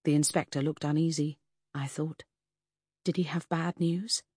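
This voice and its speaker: A woman narrating a first-person audiobook with an expressive, lively delivery. Her voice sits a little low for a woman and is recorded dry and close, with no room sound. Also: moderate pace, slightly rough, dry recording. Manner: expressive, lively storytelling that shifts into character voices.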